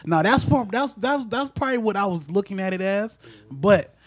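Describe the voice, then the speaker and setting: A man's voice: high-pitched, expressive, normal speed, no room sound. A young man hosting a podcast in casual, slangy, rambling chat. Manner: laid-back, slangy, rambling. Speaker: podcast host.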